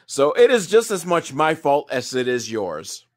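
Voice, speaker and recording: A man with a fairly high voice rambles through a sarcastic movie recap, swearing freely and mocking what he watches. His delivery is loose and conversational, drifting from one gripe to the next. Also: very animated, measured pace. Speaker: comedic movie reviewer.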